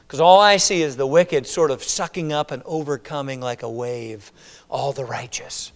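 A male pastor preaching a sermon, voicing a prophet's laments in loud, high, dramatic cries and praying in a softer, lower voice. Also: moderate pace. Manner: soft, low prayer voice. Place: church sanctuary. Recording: long reverb of a church hall.

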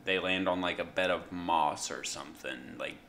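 Slight background noise accompanies this young podcast co-host, whose low voice is creaky and a bit bright. In casual chat, he talks slowly and hesitantly, leaning on fillers.

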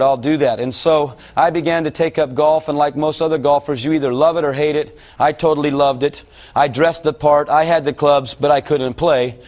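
A middle-aged man preaching to a gathered audience, his voice sitting fairly high for a man. He tells his story in a folksy, rambling way and keeps turning to the listeners with questions. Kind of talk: sermon recounting a dream.

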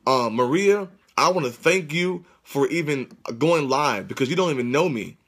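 Fervent and excited, this livestream host speaks to his viewers in repetitive exhortations full of religious, churchlike phrasing, captured on a phone. His somewhat high male voice is animated and a bit bright, moving at a moderate pace.

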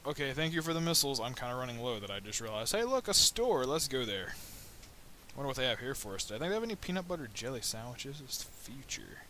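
A man giving let's play commentary on a budget microphone, rambling and joking with sudden high excited yelps. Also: fast, a little hiss or hum. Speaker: gameplay commentator. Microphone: new budget microphone.

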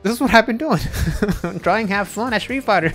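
A man streaming a live game, commenting excitedly, cursing and bursting into shouts. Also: sits high, fairly quick, soft background music.

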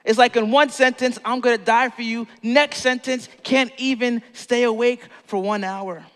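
A man's voice: extremely high pitch, steady tone, normal speed, a bit bright, long reverb tail. A man preaching a sermon as pastor, telling a story playfully and acting out the quotes.

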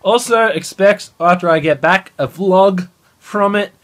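Young man, gaming vlog, phone at arm's length, excitable, swears freely, fairly high voice. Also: unhurried. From Australia. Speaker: gaming channel host. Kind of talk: casual vlog. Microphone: phone held at arm's length.

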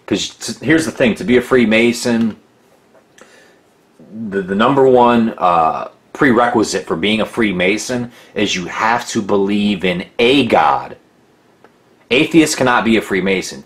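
A man with a deep voice talks through a critical documentary in a loose, rambling way. He is sarcastic and mocking, full of asides and restarts. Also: a little hiss or hum. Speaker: documentary narrator. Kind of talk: casual critical commentary.

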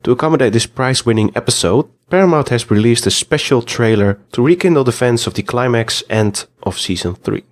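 A man's voice: mid-range voice, a little fast, few pauses. Man reading podcast news. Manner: even, read-aloud delivery. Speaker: podcast host. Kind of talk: scripted news read.

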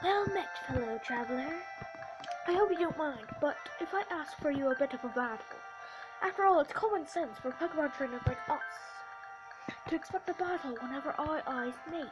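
A woman's voice: sits high, lively intonation, moderate pace, rough recording. A woman voicing a courteous young male pokémon trainer in a put-on British accent, speaking formally over game music. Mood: courtly challenge. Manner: formal, genteel challenge.

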